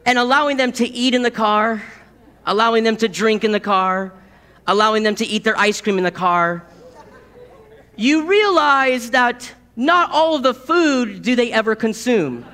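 A man in his thirties delivers a sermon in a very high, bright voice. He tells stories with a chuckle and repeats key words for emphasis. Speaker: preacher.

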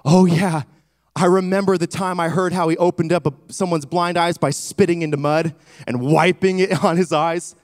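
A man's voice: a little high, steady tone, moderate pace, voice pushed down, close to an everyday voice. A man voicing a blind male beggar who cries out urgently and pleads for mercy. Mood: hopeful.

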